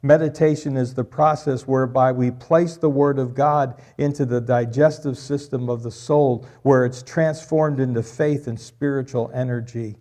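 A man's voice: mid-range voice, fairly even intonation, moderate pace, hardly any pauses, dark tone. A middle-aged man preaching a sermon, repeating key lines for emphasis and joking with the congregation. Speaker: pastor.

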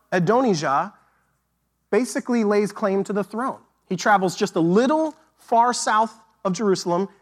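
A man with a high voice preaches to his church in a loose, chatty way. He leans on fillers and repeats his key lines for emphasis. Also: a bit bright. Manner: casual, conversational preaching with frequent fillers. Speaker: pastor. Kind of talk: sermon.

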